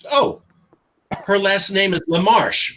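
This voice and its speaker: A man's voice: sits high, slow, pushed and bright, a little hiss or hum. A man hosting a casual political chat, combative and profane, getting heated as he argues. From New York. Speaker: host.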